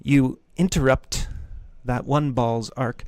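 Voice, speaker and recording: A man's voice: mid-range voice, steady tone, slow, darkish tone, no echo. A man teaching music theory in a loose, conversational lecture with jokey asides. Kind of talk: casual lecture.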